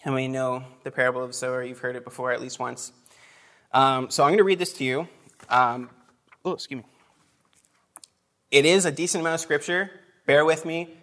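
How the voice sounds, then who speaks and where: Guy preaching to a small group, mid-pitched voice, super conversational, lots of likes and ums and little laughs. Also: steady tone, brisk, long pauses, a bit bright. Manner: conversational, chatty asides, laughs between phrases; frequent fillers and restarts. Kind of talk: casual sermon to a group.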